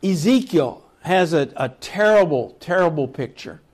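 A man teaching a Bible study, retelling scripture stories in a slow, reflective way and reading passages aloud. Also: on the high side, expressive, a little mellow. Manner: slow, reflective storytelling with chuckles.

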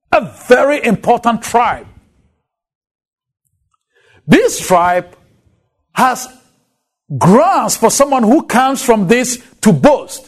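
With a very high-pitched voice and a Ghanaian accent, a man from Ghana delivers a recorded Bible lecture. He leans on emphatic, drawn-out stresses.

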